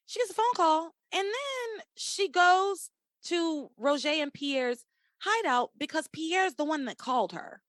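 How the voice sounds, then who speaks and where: Animated, profane woman podcast host. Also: extremely high pitch, a little slow, no room sound. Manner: animated, profane, laughs often, acts out characters' lines. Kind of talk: casual chat recapping a soap opera.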